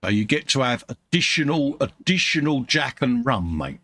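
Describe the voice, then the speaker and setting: A man's voice: mid-range voice, big pitch swings, normal speed, bright, forceful tone. A man from the UK co-hosting a live stream, reading out chat messages in a chummy way and calling everyone mate. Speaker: co-host of a live model-building stream.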